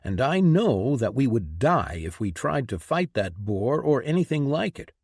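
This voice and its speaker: A man's voice: mid-range voice, sing-song, a little slow, darkish tone, husky, no room sound, studio quality, exaggerated voice. A man reading an audiobook, voicing a practical young man who reasons firmly. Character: level-headed young man, firm and practical.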